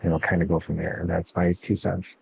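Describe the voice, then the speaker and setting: A man in a casual group talk, speaking haltingly and stumbling over his words. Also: sits low, monotone, creaky, slight background noise. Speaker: discussion participant. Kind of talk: casual chat. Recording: dull lo-fi sound.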